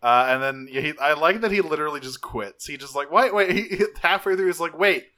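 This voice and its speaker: A man's voice: fairly high pitch, fast, sharp tone. A man co-hosting a podcast, chatting casually through a cartoon recap, rambling with fillers and restarts. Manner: rambling, frequent fillers and restarts, laughs often. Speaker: podcast co-host.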